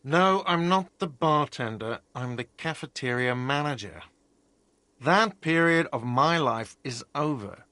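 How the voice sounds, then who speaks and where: An actor playing a touchy, defensive cafeteria manager in a video game, talking in a prickly, indignant way. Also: male voice, mid-range voice, lively intonation, measured pace, pushed and bright, no echo. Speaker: game character. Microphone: studio mic, dry.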